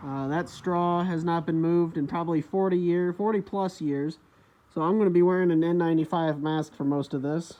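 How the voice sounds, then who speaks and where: Muffled behind a face mask, a man casually tells his phone camera about working on an old tractor inside a farm building. His high-leaning voice is steady and mellow at normal speed, the recording dry, and he rambles with unsure remarks and self-corrections.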